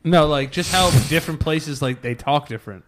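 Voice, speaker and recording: A man's voice: fairly high pitch, moderate pace, a little hiss or hum. A man co-hosting a podcast, chatting in a laid-back way with short wisecracks. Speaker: podcast co-host. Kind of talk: casual chat.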